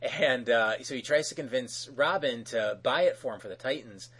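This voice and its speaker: A man's voice: medium pitch, normal speed, a bit bright, husky. A man casually recapping a cartoon episode as podcast host, rambling with many fillers.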